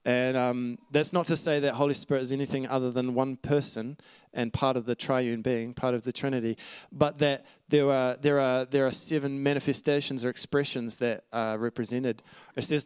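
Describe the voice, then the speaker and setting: A man's voice: medium pitch, steady tone, normal speed, few pauses, a little mellow, clean tone, dry recording. A man preaching a sermon, teaching earnestly from scripture with asides to the congregation. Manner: earnest teaching with scripture references, occasional light laughs.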